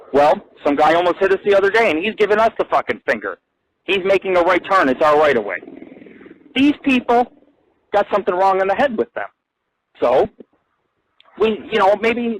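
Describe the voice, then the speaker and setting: A young adult man hosting an internet radio show, telling profane, rambling stories and ranting with loud outbursts. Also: low-quality recording. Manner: crude, ranting, swings between low mutter and loud outburst. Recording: dry close-mic internet radio.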